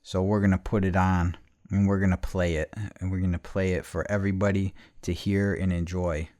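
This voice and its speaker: Profane low-voiced man hosting a podcast. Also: flat delivery, brisk, no echo, clean studio sound. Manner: profane, swings between reflective and loud ranting. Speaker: podcast host. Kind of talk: casual chat.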